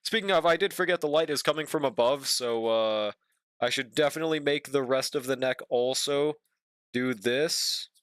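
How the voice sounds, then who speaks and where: A man's voice: mid-range voice, normal speed, fairly bright tone, smooth, no room sound, studio quality. A young man streaming as he draws, chatting casually with viewers and swearing freely. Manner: laid-back, swears often, talks to chat. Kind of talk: casual stream chat while drawing.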